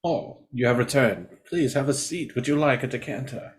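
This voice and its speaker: A man voicing a genteel male monster chef who speaks slowly and softly with exaggerated courtesy. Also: mid-range voice, animated, lightly acted.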